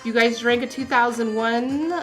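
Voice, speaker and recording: A bubbly young woman chatting on a livestream from her tea room, her voice pitched high. She talks casually and warmly to viewers, laughing often, with music playing clearly behind her. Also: fairly even intonation, moderate pace. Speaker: tea stream host.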